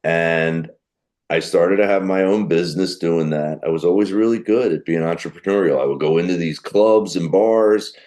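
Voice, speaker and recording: Middle-aged guy, real low voice, chatty comedian rambling through old stories. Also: moderate pace, darkish tone. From New Jersey. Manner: chatty, anecdotal, self-mocking. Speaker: guest comedian. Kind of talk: casual storytelling interview.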